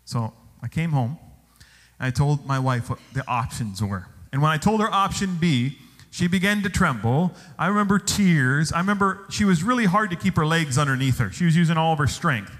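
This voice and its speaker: A male pastor preaching a sermon, telling stories with animated exclamations. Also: on the high side, normal speed. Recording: long hall reverb.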